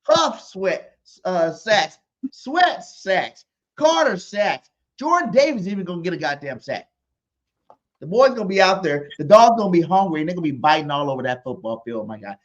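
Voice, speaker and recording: A man co-hosting a sports podcast in a loud, animated voice, repeating his hot takes with hype. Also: high-pitched, normal speed, muffled recording. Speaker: podcast co-host. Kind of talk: hyped sports podcast chat.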